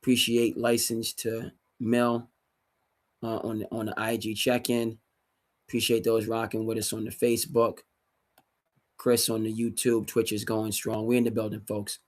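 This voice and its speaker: A man's voice: lowish voice, normal speed. Emphatic man ranting about sports. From New England. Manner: animated, emphatic ranting with sudden loud bursts. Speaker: sports commentary host. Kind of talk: solo sports talk livestream.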